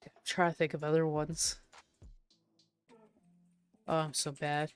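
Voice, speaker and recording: Brief: woman art streamer, faint Prince Edward Island accent, low voice, unhurried chatty delivery, soft music behind. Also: level tone, clean tone. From Prince Edward Island, Canada. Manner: chatty, playful, repeats words to test pronunciation. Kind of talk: casual chat with stream chat.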